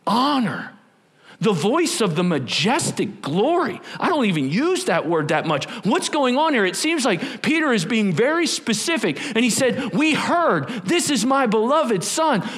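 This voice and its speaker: A male pastor preaching to his congregation in a sanctuary, his voice sitting high and leaping around as he acts out the scripture. He stops to put questions to the church and breaks into playful asides. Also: fairly bright tone. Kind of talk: sermon. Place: church sanctuary with a screen behind him.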